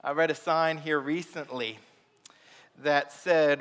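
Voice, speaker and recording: Bright high-voiced man preaching. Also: fairly even intonation, slow, clean tone. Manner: humorous storytelling with playful acted asides. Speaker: pastor. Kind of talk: sermon. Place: church sanctuary.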